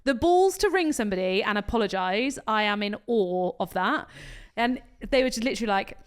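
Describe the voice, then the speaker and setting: A woman's voice: medium pitch, expressive, fairly quick, few pauses, clean tone. A young woman co-hosting a podcast, talking candidly in casual chat with plenty of swearing and laughter. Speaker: podcast co-host.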